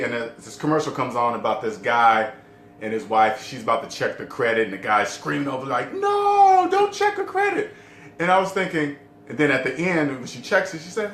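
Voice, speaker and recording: A middle-aged man vlogging casually to camera about debt-free living. He talks emphatically, repeats his key points and keeps asking the viewer questions. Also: fairly bright tone. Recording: roomy echo with faint rumble.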